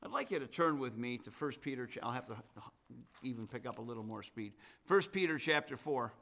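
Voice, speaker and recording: Bright-voiced male pastor preaching. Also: medium pitch, expressive, a little fast, gravelly. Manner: conversational preaching with asides and folksy humor. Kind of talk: sermon.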